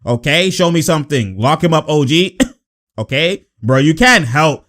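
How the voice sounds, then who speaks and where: Excitable young man reacting to basketball. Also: a little high, measured pace. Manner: excitable, laughs often, talks to players on screen. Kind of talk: live reaction commentary over game footage.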